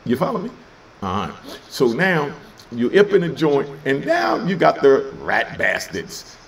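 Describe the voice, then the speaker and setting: A man's voice: medium pitch, wildly swooping pitch, unhurried, a little hiss or hum. A middle-aged man telling prison stories in a casual, streetwise way, laughing as he goes. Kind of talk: casual storytelling monologue.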